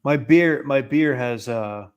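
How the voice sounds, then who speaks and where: A man with a Worcester, Massachusetts accent chatting about sports. He is playful and teasing. His voice sits at an ordinary middle pitch. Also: slow pace, clean tone, lo-fi sound. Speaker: podcast co-host. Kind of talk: casual sports chat.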